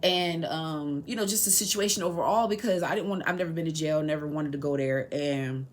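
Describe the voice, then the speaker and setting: Speaking quickly in a low register, a young female podcaster opens up about something that hurt her. She's emotional, blunt and full of slang, quoting conversations back, and now and then she sounds on the verge of tears.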